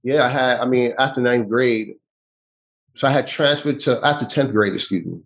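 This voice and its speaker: A man, telling a personal story as an interview guest, with halting speech that often restarts and repeats. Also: mid-range voice, creaky, a bit bright, low-quality recording. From New York City. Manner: halting, with frequent restarts and repetitions.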